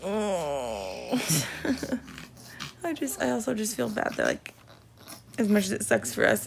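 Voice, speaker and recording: Tired young mom with creaky voice. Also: female voice, mid-range voice, sing-song, slow, long pauses, noisy background. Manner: tired, chatty, sighing, many "like"s. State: exhausted. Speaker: family vlogger, mother. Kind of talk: casual home vlog talk. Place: messy family home, indoors. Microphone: phone held while filming.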